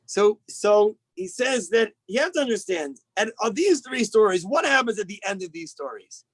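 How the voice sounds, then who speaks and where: A man, a rabbi, giving an animated sermon over a video call, telling stories and acting out the people in them. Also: normal speed, dry recording, low-quality recording. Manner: animated storytelling, acts out quoted rabbis with big pitch jumps. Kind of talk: Tisha B'Av sermon.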